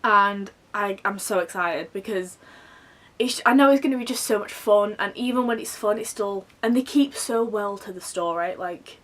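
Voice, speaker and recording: A young woman chatting to camera about books she is excited for, in a gushing, excitable way full of fillers. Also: mid-range voice, normal speed, distant mic. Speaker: book vlogger. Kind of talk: casual chat to camera.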